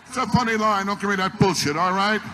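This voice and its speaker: A high-pitched man talks fast in a pushed, bright voice, hurling aggravated one-liners during a stand-up set. The audience is live, and the archival recording is noisy.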